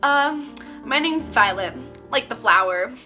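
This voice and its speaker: Bubbly boy-crazy teen girl heroine, read by a woman, high, bright and gushing. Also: expressive, takes it slowly, faint music behind, exaggerated voice.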